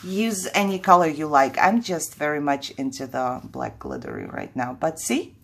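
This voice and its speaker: A woman's voice: low voice, big pitch swings, normal speed, vocal fry, fairly bright tone. A middle-aged woman hosting a casual craft tutorial at home, chatting, laughing often and second-guessing herself. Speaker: crafting channel host.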